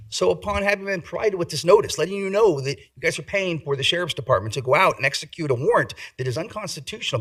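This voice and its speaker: Man from D.C., litigator; rapid, husky, forceful legal delivery. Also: fairly high pitch, low-quality recording. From Washington, D.C. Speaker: civil rights litigator giving public comment. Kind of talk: prepared public comment.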